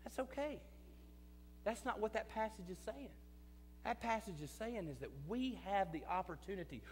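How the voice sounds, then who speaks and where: Man, pastor, high-pitched, mid-sermon, echoing hall sound. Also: lively intonation, moderate pace, a little hiss or hum. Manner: swings between loud emphatic and quiet confiding; repeats phrases for emphasis. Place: church sanctuary. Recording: church hall reverb.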